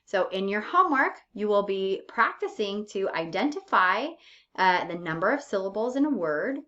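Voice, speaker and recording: A woman's voice: mid-range voice, big pitch swings, moderate pace, pushed and bright. A woman teacher giving a recorded lesson, speaking patiently and drawing out her example words. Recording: dull lo-fi recording.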